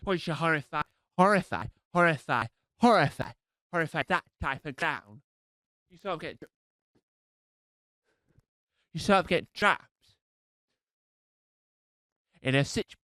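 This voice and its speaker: A man's voice: a little high, moderate pace, pauses often, bright, forceful tone, dry recording, poor audio. A man with a cold doing a rambling, self-deprecating live stand-up set. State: has a cold. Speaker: stand-up comedian.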